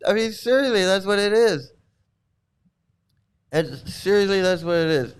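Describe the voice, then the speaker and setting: A man's voice: high voice, lively intonation, a little slow, smooth. A man hosting a live commentary stream, mocking and sarcastic as he reacts to chat comments, rambling with frequent restarts. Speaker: channel host.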